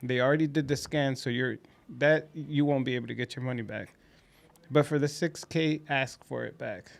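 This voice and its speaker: A man co-hosting a dental podcast, chatting casually at a mid-range pitch. He tells stories about patients and slips into their voices as he quotes them. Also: steady tone, moderate pace, creaky. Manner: storytelling, acting out patient conversations. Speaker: podcast co-host at a dental clinic.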